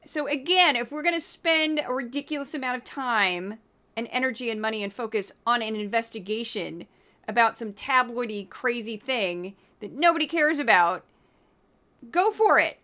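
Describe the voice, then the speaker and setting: Woman podcast host, bright, somewhat high voice, sarcastic political commentary. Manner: sarcastic, animated and opinionated.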